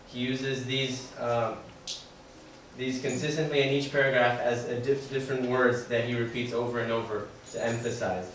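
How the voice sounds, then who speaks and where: A man's voice: mid-range voice, little pitch movement, moderate pace. A young man giving a class presentation, hesitant and full of fillers. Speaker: student presenter. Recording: echoey room from far off, faint noise.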